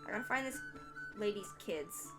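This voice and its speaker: A woman's voice: medium pitch, wildly swooping pitch, normal speed. A young woman casually commenting as she plays a video game, with many fillers. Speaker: gaming channel host. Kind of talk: let's play commentary. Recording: game music behind.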